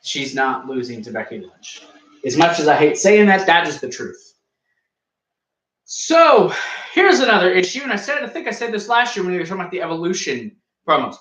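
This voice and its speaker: A man's voice: fairly high pitch, big pitch swings, a little fast, a bit bright, echoey room, rough recording. A young man co-hosting a podcast, joking and ranting in casual wrestling review chat. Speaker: podcast co-host.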